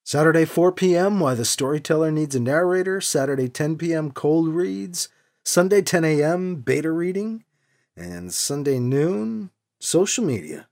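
Male author-host narrator, lively delivery, raspy gravel. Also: on the high side, normal speed. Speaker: host and writer. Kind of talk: audiobook narration.

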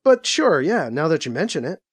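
Nervous young astronaut, read by a man, hesitant, high-pitched. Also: sing-song, normal speed, breathy edge, no room sound. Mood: uneasy. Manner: hesitant, increasingly panicked. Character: young man in a spacesuit, uneasy.

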